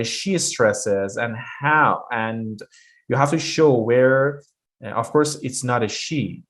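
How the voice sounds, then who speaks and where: A man teaching a pronunciation lesson, explaining step by step with frequent hesitations. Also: mid-range voice. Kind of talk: online lesson.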